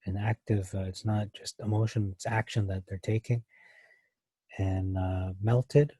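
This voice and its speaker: Dark husky man studying scripture. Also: fairly low pitch, steady tone, unhurried, no room sound. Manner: thinking aloud, many fillers and restarts. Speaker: bible teacher. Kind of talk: verse-by-verse bible study.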